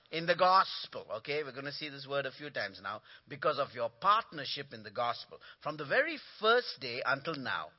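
Male guest preacher, animated sermon with call-and-response, mid pitch, muffled lo-fi audio. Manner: animated storytelling with punchlines and congregation call-and-response. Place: church sanctuary.

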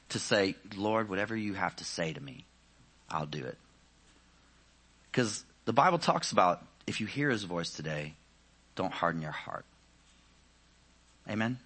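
A man preaching a sermon in a conversational way, often saying "you know", rising with energy and then dropping to quiet, searching questions. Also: fairly low pitch, husky.

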